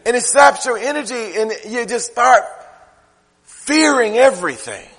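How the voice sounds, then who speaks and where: A man's voice: very high voice, expressive, unhurried, fairly bright tone, big-room sound. A man preaching a sermon, talking conversationally and firing off rhetorical questions. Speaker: pastor.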